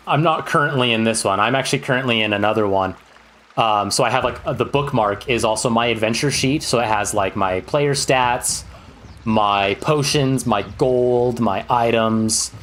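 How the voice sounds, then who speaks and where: A man's voice: mid-range voice, fairly bright tone, a little hiss or hum. Chatty enthusiastic male game streamer. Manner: chatty and rambling, with many fillers. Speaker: streamer ranking games. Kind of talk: casual livestream commentary.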